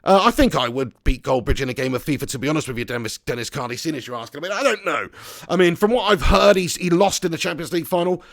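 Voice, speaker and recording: A man's voice: fairly high pitch, animated, fast talker. A man with a Southern English accent streaming a football game, chatting and joking with his viewers. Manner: chatty, jokey banter with viewers. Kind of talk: live stream commentary and chat shout-outs.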